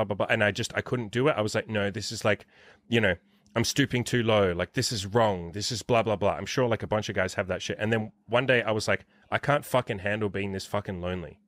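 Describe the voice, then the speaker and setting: A man's voice: on the low side, quick pace, fairly bright tone, no echo, clean studio sound. Blunt, profane man coaching. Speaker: host and dating coach. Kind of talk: casual interview chat.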